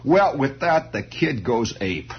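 Male radio host, comic monologue, husky raspy voice, lively swooping pitch, stammering repeats, muffled lo-fi broadcast sound. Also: slow pace. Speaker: radio talk show host. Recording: dull lo-fi radio recording.

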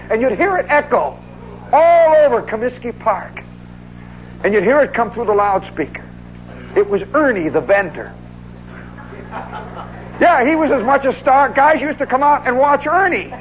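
A man's voice: extremely high pitch, a little hiss or hum. Folksy man reminiscing, tinny radio. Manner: animated, folksy, says "see" and "oh, yeah" often. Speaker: storyteller. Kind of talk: spoken monologue recollection.

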